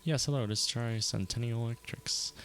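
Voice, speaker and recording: A man's voice: mid-range voice, steady tone, a little fast, a bit bright, natural voice. A man voicing a fragile, shaken woman speaking through an old intercom, reading her lines in his own voice.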